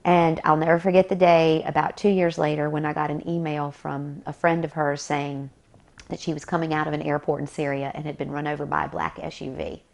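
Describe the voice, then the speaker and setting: A woman's voice: low voice, flat delivery, fairly quick, gravelly, a little mellow. An American woman telling a personal story in an interview, vividly quoting what each person said. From United States. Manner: recounts dialogue vividly, quoting both sides. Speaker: interview guest. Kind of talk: storytelling anecdote.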